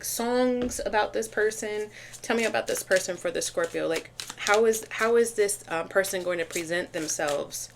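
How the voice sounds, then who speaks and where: A woman gives a casual tarot reading straight to her audience, chatty and easily excited. She often restarts her sentences and fills gaps with "um" and "like." Her voice sits mid-range for a woman, and faint background noise runs under the recording. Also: medium pitch. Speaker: tarot reader.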